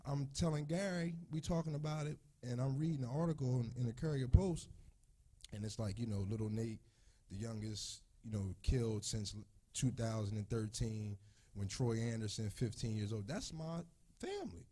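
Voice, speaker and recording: Husky-voiced man at a community meeting. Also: normal speed, mellow. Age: 30s. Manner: heartfelt, voice rising high with emotion. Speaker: community member; youth football coach. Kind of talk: emotional personal testimony.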